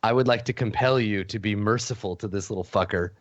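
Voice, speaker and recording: A man's voice: lowish voice, fast talker, no room sound, lo-fi sound. A man narrating as game master of a tabletop game, casual and profane, with frequent restarts.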